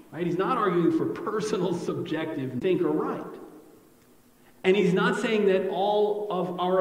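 A man's voice: on the high side, darkish tone, echoey room, in a large hall, low-quality recording. A male pastor preaching an expository sermon in a conversational way, often checking in with "right?".

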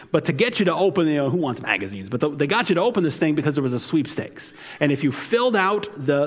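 A man preaching a sermon as pastor in a casual, conversational way, often repeating words and asking "right?". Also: mid-range voice. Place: church sanctuary. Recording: long hall reverb.

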